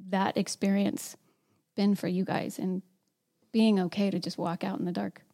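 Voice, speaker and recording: Mellow-voiced woman leading a discussion. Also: medium pitch, little pitch movement, moderate pace. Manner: conversational, many fillers, asks questions. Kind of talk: casual group discussion.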